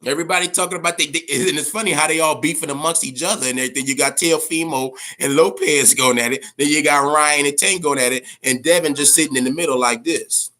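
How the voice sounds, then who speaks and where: A man hosting a boxing talk show, ranting in a profane, casual way, stammering and swinging between a low grumble and loud outbursts. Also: fast, hardly any pauses. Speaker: boxing podcast host.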